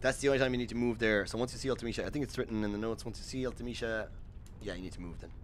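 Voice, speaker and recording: A man's voice: lowish voice, rapid-fire, a little hiss or hum. An Irish man giving casual, rambling speedrun commentary over gameplay, full of fillers and self-corrections. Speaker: streamer.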